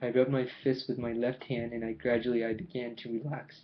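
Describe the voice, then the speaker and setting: A man's voice: mid-range voice, flat delivery, brisk. A man reading a novel aloud in a plain, careful way, with small stumbles, recorded with a dull, lo-fi sound. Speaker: audiobook reader. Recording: dull lo-fi home recording with faint hiss.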